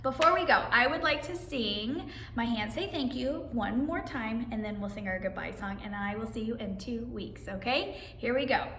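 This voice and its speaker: A woman's voice: a little high, normal speed, bright, forceful tone. A woman hosting a children's story time, teaching simple signs and reading aloud in a cheerful, sing-song way. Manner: cheerful, sing-song, addresses kids as friends. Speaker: story time host teaching sign language. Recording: roomy echo, mic at a distance, faint background noise.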